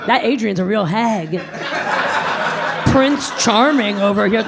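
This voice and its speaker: A woman's voice: a little high, a little slow, vocal fry, long pauses. A woman doing a brash, profane stand-up set on a comedy club stage, into a handheld mic. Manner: brash, profane, animated storytelling. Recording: live club audience laughing. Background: crowd laughing and cheering.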